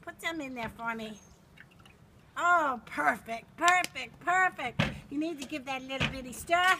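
A woman's voice: high-pitched, unhurried. An older woman doing an impression of a famous TV chef in a playful mock cooking demo, fluttery and exclaiming as she bosses her helper in a home kitchen. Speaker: grandmother hosting a mock cooking show. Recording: home video with loud background noise.

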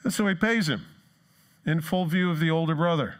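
Guy preaching in church, lively, acts out the people in the story. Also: a little high, brisk. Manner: animated preaching, acts out quoted voices. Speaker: pastor. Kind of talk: sermon.

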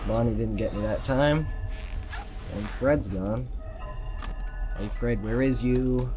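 A man commentating a horror game while losing his voice, joking with the characters and yelping loudly at scares. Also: mid-range voice, slow, over music. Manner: jokey banter with game characters, yelps and shouts at jump scares. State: losing his voice, a bit sick. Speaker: gameplay commentator.

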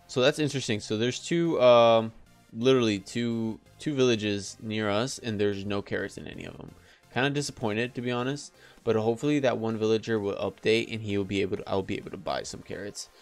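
A man giving casual, excitable gameplay commentary, chatty and thinking aloud as he plays. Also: lowish voice, normal speed, faint music behind. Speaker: let's play gamer.

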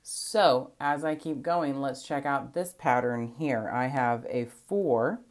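Woman, math teacher, very deep voice, patient step-by-step explaining. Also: slow. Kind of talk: recorded math lesson.

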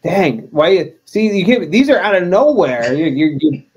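A man's voice: high-pitched, lively intonation, moderate pace, a little mellow, breathy edge, lo-fi sound. A man, a wrestler as interview guest, chatting casually in a joking, self-deprecating way.

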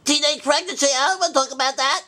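A man's voice: quick pace, bright, forceful tone, exaggerated voice. A man voicing a forgetful, cranky old male bear rabbi who hosts a puppet comedy show, bumbling and stubborn. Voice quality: high-pitched, bumbling and cranky. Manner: forgetful, stubborn, easily flustered. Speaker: show host.

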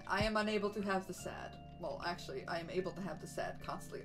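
A woman's voice: medium pitch, expressive, quick pace, hardly any pauses, a bit bright, faint music behind, poor audio. A young woman streaming from home, chatting casually with her viewers in a bubbly, chatty way. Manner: chatty, bubbly, coos baby talk to her dogs. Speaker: VTuber streamer. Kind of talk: casual live-stream chat.

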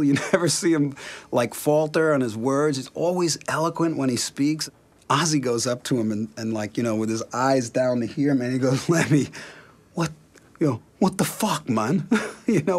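A man interviewed for a documentary, telling a casual anecdote with frequent chuckles and lots of "you know.". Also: medium pitch.

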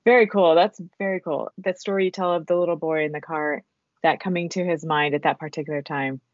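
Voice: mid-range voice, steady tone, fairly quick, no room sound. Appreciative podcast host, dry sound. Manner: warmly appreciative responses. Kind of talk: casual conversation. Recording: dry, muffled lo-fi audio.

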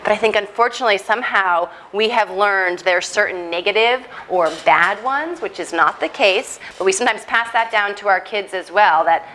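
A woman gives a parenting talk to a church moms' group in an earnest, animated way. She often restarts her sentences and checks in with "right?". Her voice sits at a middle pitch, with a faint room hum in the background. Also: normal speed.

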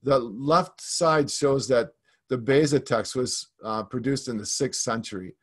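Male preacher, mid-pitched voice, church teaching sermon, explanatory delivery full of fillers and restarts.

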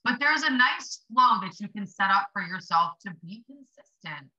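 A woman's voice: medium pitch, animated, normal speed, pushed and bright, lo-fi sound. A young adult woman hosting a casual motivational live stream for small business sellers, chatty and blunt, swearing for emphasis. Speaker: livestream host coaching small business sellers.

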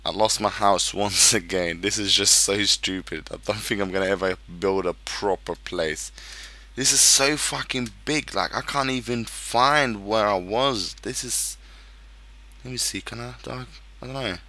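A man's voice: fairly low pitch, a little slow, sharp tone. A man giving casual commentary on his own game, swearing freely and venting when things go wrong. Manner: swears a lot, frustrated outbursts. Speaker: gaming YouTuber.

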